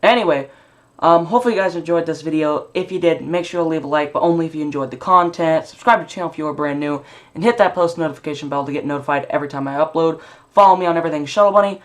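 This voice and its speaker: A reaction video host giving casual commentary with chatty, quick asides. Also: medium pitch.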